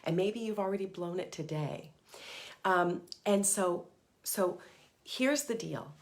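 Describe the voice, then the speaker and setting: A woman's voice: fairly low pitch, slow. Earnest, emphatic middle-aged woman coach. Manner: earnest, emphatic, drops to a whisper for mantras. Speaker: parenting coach and host. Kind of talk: live motivational talk to moms.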